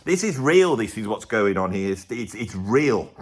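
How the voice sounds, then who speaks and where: This male music vlogger's low, slightly rough voice makes big pitch swings at a moderate pace. He rants casually and sarcastically to camera, alternating loud outbursts with muttered asides.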